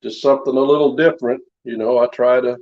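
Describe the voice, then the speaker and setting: A man's voice: mid-range voice, steady tone, fast talker. A man chatting casually in his home workshop, showing knives he forged, in a rambling, down-to-earth way. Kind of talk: casual show-and-tell chat. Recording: slightly dull lo-fi sound.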